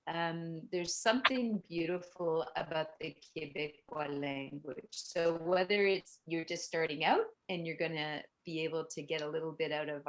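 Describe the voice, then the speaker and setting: A middle-aged woman, a bike tour guide and language teacher, giving a chatty, explanatory virtual tour presentation with frequent "um" and "like". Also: deep voice.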